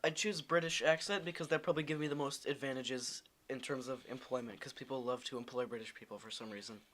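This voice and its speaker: A man's voice: mid-range voice, fairly even intonation, fast talker, a bit bright, slight background noise. A young man co-hosting a casual podcast, blunt and self-deprecating, cursing often. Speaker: podcast co-host. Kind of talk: casual chat.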